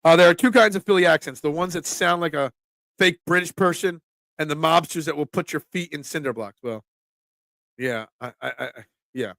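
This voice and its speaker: Joking with chat and peppering his talk with ums, this sports talk host from Philadelphia chats away in his Philly accent on a relaxed stream. He sounds fairly high, brisk, creaky and fairly bright, with no echo.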